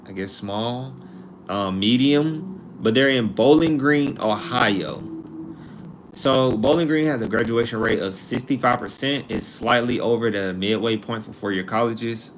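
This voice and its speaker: A man's voice: medium pitch, slight background noise. A man in his twenties hosting a casual live stream, chatting and joking as he reads comments and looks up college costs. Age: 20s. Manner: chatty, joking, talks to chat readers.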